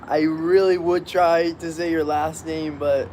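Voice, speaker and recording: A man's voice: a little high, level tone, measured pace, darkish tone, a little hiss or hum. Upbeat man chatting from a hammock. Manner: rambling, upbeat, greets viewers by name. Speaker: live-stream host. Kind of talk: casual live-stream chat. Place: outdoors on a balcony, lying in a hammock.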